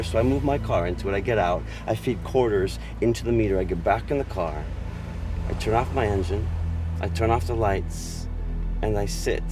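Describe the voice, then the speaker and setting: An actor as a theatrical, wistful storyteller. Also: male voice, fairly low pitch, close to an everyday voice. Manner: theatrical, swings from fervent to hushed. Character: gay man, weary and wistful storyteller. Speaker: film monologue narrator. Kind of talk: dramatic film monologue.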